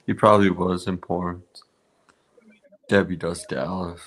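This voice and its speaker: A man's voice: deep voice, little pitch movement, unhurried. A man co-hosting a casual movie watch-along, hesitant and crude. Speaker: podcast co-host.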